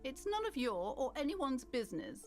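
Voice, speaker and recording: A woman's voice: high voice, sing-song, normal speed, darkish tone, soft background music. A woman voicing a rigid, defensive female shopkeeper in a video game, curt and indignant.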